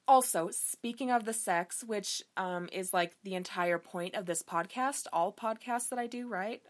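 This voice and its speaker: A woman's voice: medium pitch, unhurried, hardly any pauses. A woman hosting a book review podcast, chatting casually and frankly with lots of fillers and swearing. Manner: candid, profane, animated, frequent fillers. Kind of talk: casual chat.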